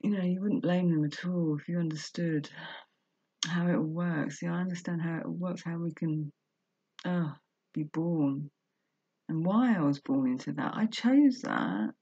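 A woman's voice: on the low side, fairly even intonation, normal speed, warm tone, breathy edge, no room sound. A woman vlogger reading a book aloud and breaking off into earnest, emotional, confessional commentary. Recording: dull lo-fi recording.

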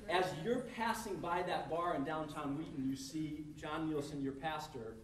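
A man's voice: fairly high pitch, moderate pace, a little hiss or hum. A male pastor preaching a conversational sermon to a congregation, acting out quoted scenarios along the way. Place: church service hall. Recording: echoey room miked from a distance.

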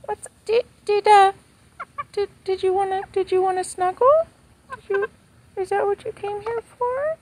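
A woman's voice: extremely high pitch, fairly even intonation, unhurried, darkish tone, poor audio. A woman lying down outdoors on a small farm, talking to her pet chicken in cooing, sing-song baby talk, recorded on a handheld phone. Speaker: animal rescue farmer.

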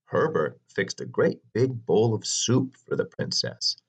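A man narrating a children's storybook in an expressive, dramatic reading. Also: unhurried, creaky, breathy edge. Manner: expressive, sweeping pitch for drama.

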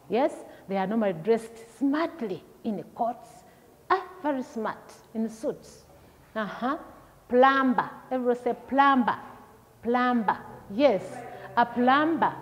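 A woman teacher leading a vocabulary lesson for young children, repeating each word and asking questions. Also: on the high side. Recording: long hall echo, dull lo-fi sound.

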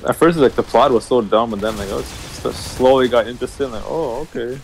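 A man's voice: mid-range voice, brisk, a little hiss or hum, poor audio. A man chatting casually while playing a game, laid-back and full of "like.". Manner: laid-back, uses "like" a lot. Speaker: gaming co-host.

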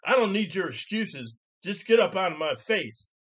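A man doing a rude, entitled woman driver who snaps back shrilly. The voice jumps well above his own and comes out loud and clipped. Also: sits high, sing-song, normal speed, voice pushed up, full character voice. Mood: snapping.

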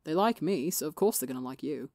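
A woman with a slightly gravelly voice, reading the lines of a relaxed young man who teases his younger friend. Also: deep voice, quick pace, dry recording, studio quality. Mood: teasing. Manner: teasing and relaxed. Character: teasing, easygoing young man, warm older-brother type.

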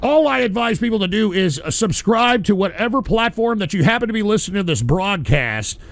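Brash profane man hosting a stream, high lively voice. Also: brisk, no echo. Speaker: host. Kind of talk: casual live stream talk.

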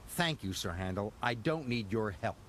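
A man voicing a proud, fretful small tank engine in a storybook reading, talking in a huffy, excitable way. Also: lowish voice, moderate pace, noisy background, lightly acted.

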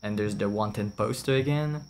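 A man's voice: fairly low pitch, moderate pace, slight background noise. A young man streaming a horror game with casual, jokey, rambling commentary, swearing and laughing often.

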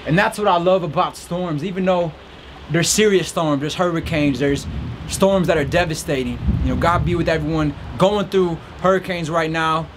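A man hosting a podcast, giving an earnest, encouraging faith-based motivational talk while standing outdoors in a rainstorm. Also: fairly high pitch. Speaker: podcast host.

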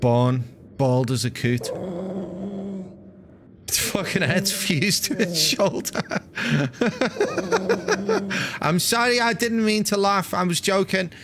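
A man commenting live over a game, swearing and joking crudely, breaking into excitable outbursts. His voice sits slightly high and he talks at an unhurried, drawn-out pace. A clear layer of background noise runs under the stream audio.

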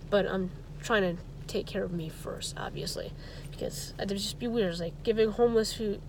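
A woman with a slightly high voice talks casually to her viewers in a loose, rambling vlog chat. She often trips over words and starts them again. She gets heated and indignant as she goes. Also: fairly bright tone, a little hiss or hum. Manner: rambling, stumbles and restarts words. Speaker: vlogger.

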